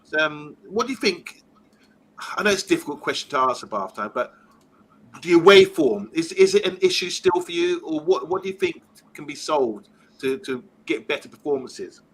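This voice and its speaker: A man's voice: a little high, expressive, normal speed, a bit bright, husky, low-quality recording. A man hosting a casual fan live stream, reading out viewer comments and chatting. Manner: chatty, reads out viewer comments, laughs easily. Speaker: fan channel host reading live chat.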